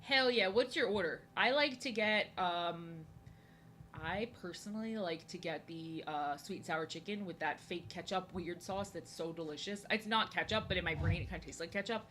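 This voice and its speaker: A young woman art streamer chats casually with her live chat while she draws, answering it and often saying things twice. Her voice is fairly low-pitched and a bit bright, at a moderate pace, with slight background noise.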